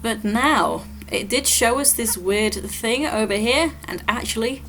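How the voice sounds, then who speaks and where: A woman giving relaxed, explanatory commentary while playing through a game level. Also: fairly high pitch, measured pace, a little hiss or hum. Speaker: gameplay walkthrough host. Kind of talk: casual gameplay commentary.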